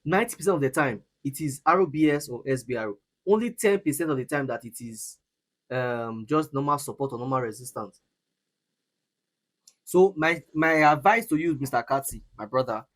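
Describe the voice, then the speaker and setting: A young Nigerian man from Edo State, mentoring traders in a live session, emphatic and repetitive, often restarting his sentences. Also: mid-range voice. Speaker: forex trading mentor. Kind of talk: live trading session teaching.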